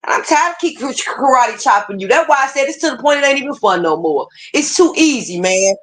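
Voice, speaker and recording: A woman host rants on a livestream in a heated, profanity-laced flow. Her voice is fairly high and swings widely in pitch as she presses her points. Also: big pitch swings, quick pace, a bit bright. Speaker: streamer host. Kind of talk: profane ranting livestream talk.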